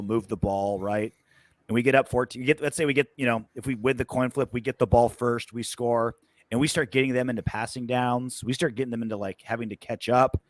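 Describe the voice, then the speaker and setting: A man's voice: medium pitch, dry recording. A man co-hosting a casual sports podcast, loose and sarcastic, with lots of fillers and swearing. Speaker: podcast co-host.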